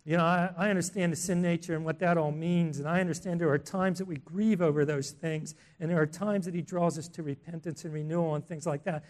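A man preaching a sermon in an earnest, emphatic way, asking the listeners questions and swelling in loudness on key words. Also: sits high.

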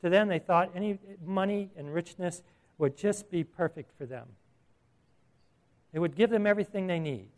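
Chatty preacher man with a higher voice. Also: normal speed, darkish tone. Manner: conversational, asks the audience questions, chuckles at his own asides. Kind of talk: sermon.

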